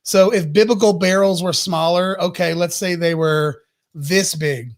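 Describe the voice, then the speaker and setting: A man hosting a podcast, telling a comic story in an animated, profane rant. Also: high voice, a little slow. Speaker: podcast host.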